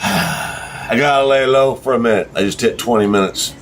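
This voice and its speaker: A man's voice: medium pitch, moderate pace. A middle-aged man with a drawl delivering a blunt, profane ranting monologue to his viewers. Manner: blunt, heated, swearing freely. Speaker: vlogger.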